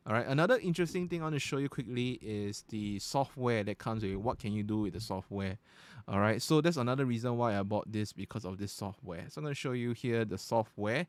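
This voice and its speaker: A man recording a casual product review at his desk, explaining each feature step by step into a USB podcast microphone. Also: on the low side. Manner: explains step by step in a chatty, informal way. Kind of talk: casual tech review demonstration. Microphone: studio USB podcast microphone at close to medium distance.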